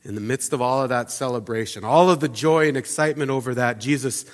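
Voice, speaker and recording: A man preaching a sermon as pastor, talking in a loose conversational way with fillers and restarts, dropping to soft asides and rising to loud emphatic peaks. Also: medium pitch, quick pace, big-room sound. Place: church sanctuary.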